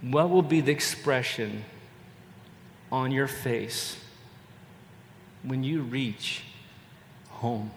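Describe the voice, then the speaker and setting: A man's voice: mid-range voice, slight background noise. Older male pastor preaching in an echoey hall. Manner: earnest, measured, repeats phrases for emphasis. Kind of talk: sermon. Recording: echoey hall with long reverb and faint ambience.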